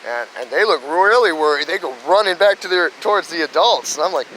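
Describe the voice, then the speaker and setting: A man's voice: on the high side, lively intonation, a little fast, pushed and bright, a little hiss or hum, poor audio. A man telling casual stories in a rambling way, with lots of "you know" and restarts. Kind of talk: casual storytelling monologue.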